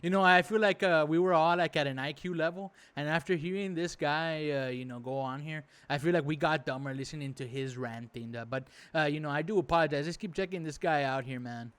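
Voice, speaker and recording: A man with a slightly high voice rants through a reaction commentary. He is indignant and exasperated, swears freely and rambles with plenty of fillers. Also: fairly quick, few pauses, fairly bright tone, clean tone. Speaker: reaction video host. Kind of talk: profane casual reaction commentary.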